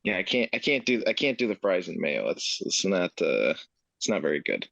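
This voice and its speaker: A man co-hosting a casual podcast, with lively swings in pitch as he trades amused, opinionated banter. The audio sounds slightly dull and dry. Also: brisk, gravelly, dry recording. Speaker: podcast co-host. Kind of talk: casual chat.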